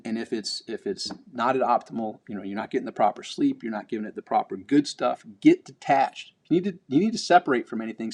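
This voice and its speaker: Man, vlog pep talk, blunt, emphatic, casual swearing, mid-pitched voice. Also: a little mellow. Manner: blunt, emphatic, swears casually, repeats words when building up. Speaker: vlogger. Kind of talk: motivational talk to camera.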